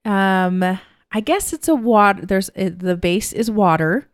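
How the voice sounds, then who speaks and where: This podcast co-host chats her way through stories, acting out what people said in a casual conversation. She speaks a bit slowly at a medium pitch with lively intonation, and the recording is dry.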